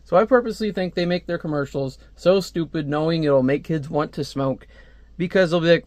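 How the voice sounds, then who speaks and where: A man's voice: fairly high pitch, animated, brisk, dry recording. Chatty man rambling through a comic review. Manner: rambling, chatty asides with frequent fillers. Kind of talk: casual comic book review.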